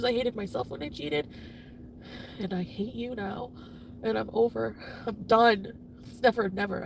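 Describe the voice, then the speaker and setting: A woman venting profanely on a livestream, swinging between shouting and muttering. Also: a little high, gravelly, far from the mic, slight background noise. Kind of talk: emotional livestream rant.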